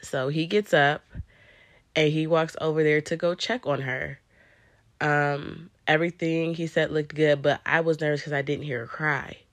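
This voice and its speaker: A woman's voice: sits low, steady tone, moderate pace, no room sound. A young woman vlogger casually recounting a personal story, full of "um" and "I'm like" asides. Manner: conversational, frequent "um" and "I'm like" quoting.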